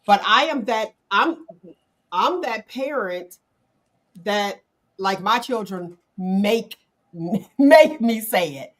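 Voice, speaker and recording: A woman leading a relaxed panel conversation, talking plainly and directly. Her pitch sits right in the middle, neither high nor low. She speaks with an easy, candid tone. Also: slow pace. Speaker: panel talk show host. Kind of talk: casual panel discussion.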